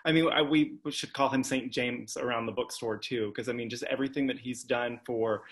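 A man of average pitch hosts a relaxed bookstore chat. He speaks eagerly and stumbles over restarts in his enthusiasm. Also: a little fast. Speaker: bookstore host. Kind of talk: casual interview chat.

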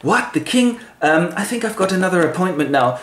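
A man's voice: high-pitched, lively intonation, brisk, fairly bright tone, voice pushed up. A man voicing a smarmy, scheming middle-aged king who speaks with false politeness. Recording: roomy echo, faint noise.

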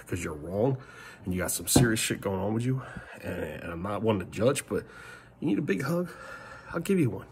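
A middle-aged man ranting in a vlog monologue, rambling and frustrated, swinging between loud outbursts and muttered curses. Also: lowish voice, sing-song, moderate pace, creaky, heavy background noise. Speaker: family vlogger.

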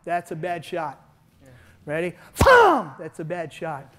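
Older male martial arts coach, high-pitched and energetic, punctuating the lesson with shouted sound effects. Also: unhurried. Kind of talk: hands-on seminar teaching.

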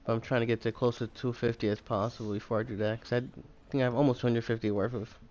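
A man's voice: medium pitch, level tone, quick pace, a little mellow. A man streaming a game, rambling and thinking aloud as he plays. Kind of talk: casual gameplay commentary.

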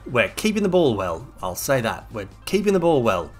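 A man's voice: medium pitch, very animated, moderate pace, faint music behind. A young man commentating on his own gameplay, exasperated and sarcastic, ranting at a desk microphone. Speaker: game streamer.

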